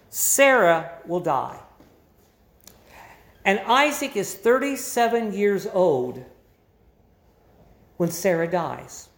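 A pastor preaching a sermon, with an emphatic, deliberate teaching delivery. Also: medium pitch, echoey room.

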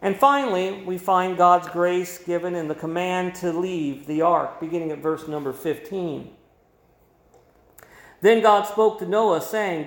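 A man preaches a sermon in a high-pitched voice. He leans hard on repeated phrases and swings between loud emphasis and quiet asides. The sound carries the echo of a roomy hall. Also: measured pace. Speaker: pastor.

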